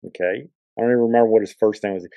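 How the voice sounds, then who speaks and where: Male podcast host, casual storyteller; low, dark timbre, dry and dull recording. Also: fairly even intonation, rapid-fire, no echo. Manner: rambling, conversational.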